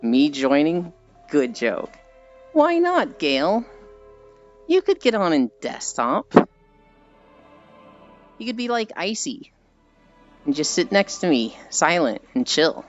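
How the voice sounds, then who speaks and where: This American livestreamer speaks slowly in a fairly high, sing-song voice, leaving long pauses. He chats and rambles, reads messages from chat aloud, and laughs at his own stories, captured in dull lo-fi audio with faint music in the background.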